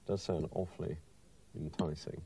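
A man's voice: low voice, steady tone, moderate pace, vocal fry, warm tone, husky. A man hosting a cooking contest, judging dishes and presenting results in a genteel, wordy, playful way. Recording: TV studio recording with faint room sound.

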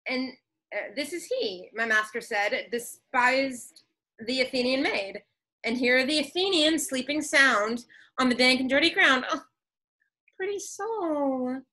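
Cast: woman as a sprightly fairy, high and bright, unhurried verse, video call. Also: animated, exaggerated voice, rough recording. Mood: mischievous. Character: mischievous fairy servant, nimble. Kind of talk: Shakespeare verse reading.

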